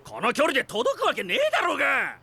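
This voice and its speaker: An actor playing a hot-tempered male fighter who shouts and scolds, in anime voice acting. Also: very high voice, huge pitch swings, racing, creaky, noisy background, heavily acted. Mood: angry shouting. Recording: anime clip with background ambience.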